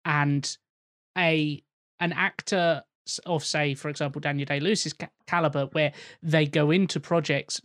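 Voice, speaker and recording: A man's voice: a little high, fairly even intonation, normal speed, fairly bright tone, dry recording, studio quality. A man co-hosting a podcast, talking thoughtfully about actors' work, hesitant and full of fillers. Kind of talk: casual chat about acting.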